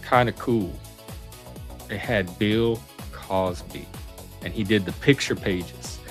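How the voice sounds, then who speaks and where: A middle-aged man hosting his channel, reminiscing in a chatty, rambling way that often breaks off mid-sentence. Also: on the low side. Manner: rambling, self-interrupting, chatty. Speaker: channel host. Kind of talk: casual reminiscing monologue.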